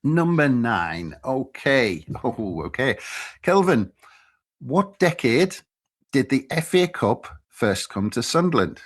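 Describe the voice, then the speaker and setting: A man's voice: medium pitch, sing-song, takes it slowly. A man from North East England hosting a casual podcast quiz, chatty with many fillers. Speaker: quiz host.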